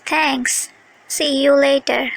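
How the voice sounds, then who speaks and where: A woman's voice: high-pitched, steady tone, takes it slowly, vocal fry, no room sound, heavily acted, poor audio. A woman voicing a young student who chats with a friend in a scripted lesson dialogue. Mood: casual.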